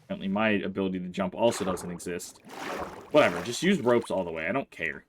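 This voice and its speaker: A man's voice: sits low, quick pace, background noise. A man hosting a casual let's play, commenting on his gameplay and grumbling in exasperation at his in-game horse.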